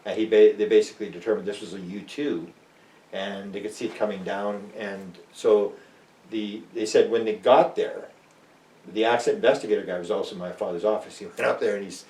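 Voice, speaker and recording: A UFO researcher from Canada, an older man guesting on an interview, speaks a little fast while casually recounting stories. He brings quoted people to life with lively, large pitch jumps; the recording is roomy with the mic set far off.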